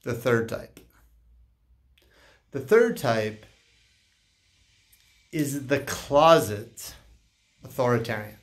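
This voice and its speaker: A man who works as a life coach, talking casually and haltingly to camera and acting out bits of dialogue. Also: medium pitch. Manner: slow, halting, acts out dialogue in animated voices.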